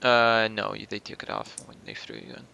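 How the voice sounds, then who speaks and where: Gravelly game master, halting narration. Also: male voice, lowish voice, sing-song, sharp tone, no echo, dull audio. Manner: hesitant, many ums and restarts.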